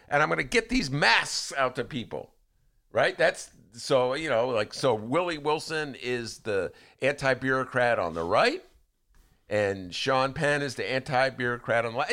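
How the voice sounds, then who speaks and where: A man hosting a radio talk show, chatting casually, rambling and restarting as he goes. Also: on the low side. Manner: rambling, animated, with frequent restarts.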